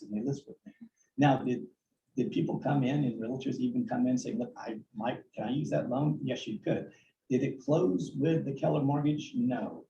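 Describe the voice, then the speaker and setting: A man's voice: mid-range voice, steady tone, normal speed, creaky, dark tone. A man, a real estate agent, giving sales advice at a town hall in an earnest coaching tone, often restarting his sentences. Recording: distant, dull, echoey room audio with faint noise.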